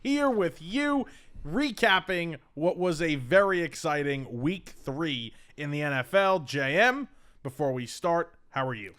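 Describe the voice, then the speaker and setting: A man's voice: fairly high pitch, expressive, measured pace, fairly bright tone, clear, resonant tone. A man hosting a sports podcast, teasing his co-host and interrupting in a studio. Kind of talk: casual chat.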